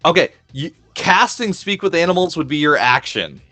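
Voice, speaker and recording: A man's voice: fairly high pitch, sing-song, normal speed, sharp tone, faint music behind. A man running a tabletop game as game master, making rulings and playfully describing the action.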